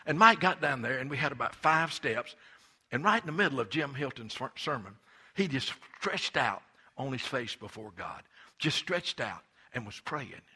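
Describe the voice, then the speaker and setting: A middle-aged man preaching a sermon, telling stories and swinging between hushed asides and impassioned emphasis. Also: medium pitch, animated, moderate pace, slightly rough. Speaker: pastor.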